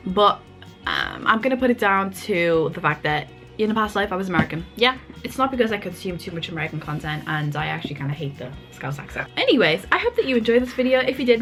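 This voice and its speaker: Chatty vlogger lady, soft liverpool accent, keeps saying like, laughs at herself. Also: mid-range voice. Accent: mild Liverpool. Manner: chatty and self-mocking, lots of "like". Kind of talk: casual vlog chat.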